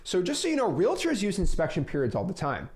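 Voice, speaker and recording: A man's voice: high voice, wildly swooping pitch, quick pace. A man coaching real estate wholesaling, talking energetically and acting out both sides of sales calls. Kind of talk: instructional talk with role-played calls.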